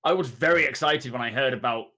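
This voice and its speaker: A man's voice: mid-range voice, fast talker, pushed and bright. A man co-hosting a gaming podcast, chatting with enthusiasm. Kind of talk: casual gaming podcast chat.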